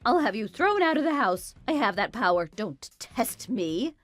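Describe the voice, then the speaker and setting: A woman's voice: on the high side, sing-song, fairly quick, dry recording, faint music behind. A woman voicing a domineering, spiteful older mother-in-law in a dramatized story, scolding and belittling. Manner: scolding, contemptuous, bossy.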